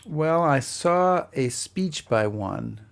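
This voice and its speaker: Gravelly-voiced man telling an anecdote. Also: fairly high pitch, lively intonation. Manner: halting, with frequent repeated starts. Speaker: history podcast co-host. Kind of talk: casual conversational storytelling.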